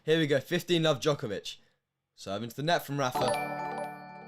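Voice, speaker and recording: A young man from the United Kingdom commentating a match on a live stream, emotional, with hushed stretches and loud bursts. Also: fairly high pitch, lively intonation, moderate pace, over music.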